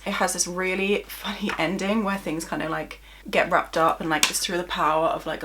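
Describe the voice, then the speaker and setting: Chatty young British woman, lowish voice, gushing book vlogger. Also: fairly bright tone. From United Kingdom. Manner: chatty, many "like" fillers, gushing. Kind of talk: casual monthly reading wrap-up.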